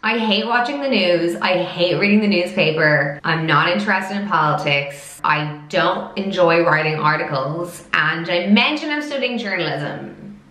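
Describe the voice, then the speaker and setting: A woman of twenty-five chatting to camera in a fast, loud, storytelling way. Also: lowish voice, lively intonation. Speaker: vlogger. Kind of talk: casual chat to camera. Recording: echoey room.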